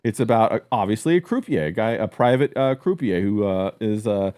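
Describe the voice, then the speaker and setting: Lively joking male stream host. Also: lowish voice, brisk. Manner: laughs often, plugs things, loose and joking. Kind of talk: casual chat.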